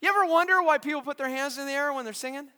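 High bright-voiced pastor preaching in a hall. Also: male voice, racing. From California. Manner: animated storyteller, acts out voices, shouts at climaxes. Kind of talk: sermon with acted-out story. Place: large church.

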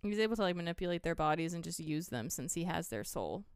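A woman's voice: fairly low pitch, expressive, fast, clear, resonant tone, no echo, studio quality. A woman co-hosting a podcast, chiming in casually with short additions while a movie is being recapped. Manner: chimes in with short additions and agreement. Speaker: podcast co-host.

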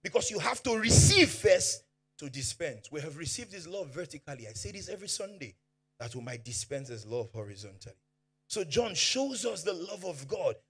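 A man with a Nigerian accent preaching a sermon as pastor, fervent, swinging from hushed to shouting, and dropping Pidgin asides. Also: on the high side, very animated, normal speed, slightly rough.

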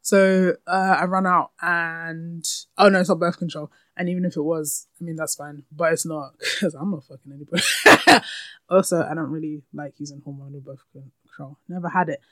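A woman's voice: low-pitched, fairly even intonation, normal speed, a bit bright, no echo. A young woman hosting her podcast, talking candidly and laughing often, close to the mic in a room at home. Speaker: podcast host. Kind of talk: casual solo podcast chat. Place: room at home with window open. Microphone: podcast microphone, close.

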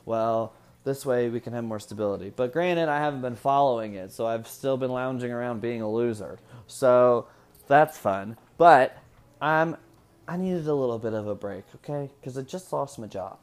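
A man's voice: medium pitch, moderate pace, smooth. A man in his twenties from Indiana, talking at home in a rambling, profane casual chat and laughing often. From Indiana, USA. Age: 20s. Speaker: vlogger.

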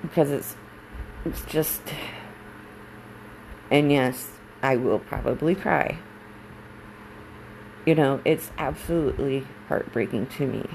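Gravelly-voiced woman speaking bluntly. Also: low-pitched, slow, pauses often, darkish tone, slight background noise, low-quality recording. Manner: emotional, blunt, swears when angry. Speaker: military spouse vlogger. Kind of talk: candid personal monologue.

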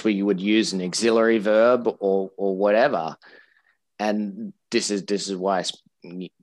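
Low-voiced man explaining with many restarts. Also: no echo. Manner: explanatory, repeats and restarts words often. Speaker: English teacher. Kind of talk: casual educational podcast chat.

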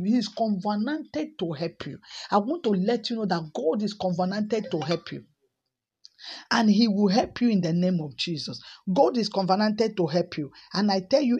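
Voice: mid-range voice, a little mellow, husky, dull audio. A preacher giving a repetitive, exhorting sermon and praying over listeners, breaking into tongues now and then. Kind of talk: sermon with prayer.

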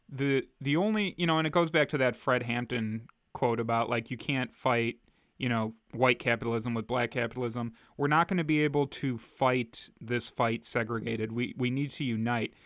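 A man's voice: mid-range voice, a bit bright, no echo, studio quality. A man co-hosting a podcast, talking earnestly and with frustration, often restarting his sentences. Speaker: podcast co-host. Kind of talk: casual podcast chat.

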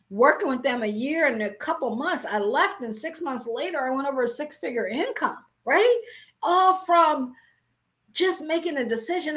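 Middle-aged woman, high-pitched, motivational speaker; emphatic, preachy, hammers points with repetition. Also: fairly bright tone. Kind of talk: motivational talk with scripture.

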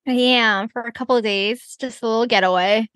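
A woman's voice: fairly high pitch, a little fast, smooth, no room sound. Easygoing woman rambling through a story. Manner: relaxed rambling with many fillers. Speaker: podcast co-host. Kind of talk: casual chat.

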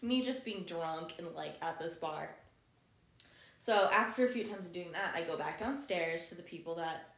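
Young new woman, podcast cohost, lively storytelling, roomy sound. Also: lowish voice, moderate pace. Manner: animated storyteller, acts out quotes, laughs often. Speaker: podcast co-host. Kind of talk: casual chat, storytelling.

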